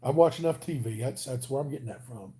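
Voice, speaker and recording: A man's voice: mid-range voice, fast, warm tone. A man with a Southern US accent chatting casually on a livestream, rambling and joking with his viewers as he reads their comments. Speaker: livestream host.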